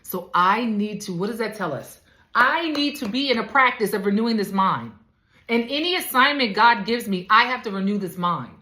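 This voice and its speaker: A woman's voice: mid-range voice, animated, normal speed, pushed and bright. A woman life coach giving emphatic, preacherly faith-based teaching, talking straight to the listeners, in an echoey room.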